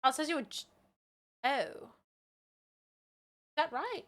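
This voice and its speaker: A woman streaming live, her voice bright and clear. She rambles in a candid, self-deprecating way and often laughs at herself. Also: sits high, lively intonation, takes it slowly. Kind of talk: casual live-stream chat.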